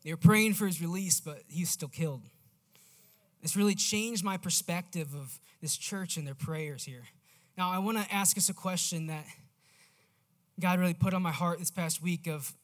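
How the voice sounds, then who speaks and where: A man preaching a sermon in a casual, animated storytelling manner. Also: on the high side, normal speed.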